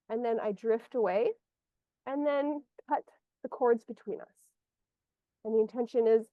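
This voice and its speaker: Her pitch fairly high, a woman energy healer coaches a client one-on-one by video call, meandering as she searches aloud for what to say. No room sound comes through the muffled, lo-fi recording.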